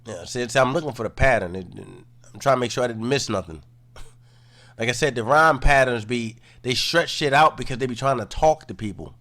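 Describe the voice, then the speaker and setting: Laid-back man breaking down raps. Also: a little fast. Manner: relaxed and low-key, filler-heavy with "you know". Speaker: commentator. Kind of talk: casual commentary.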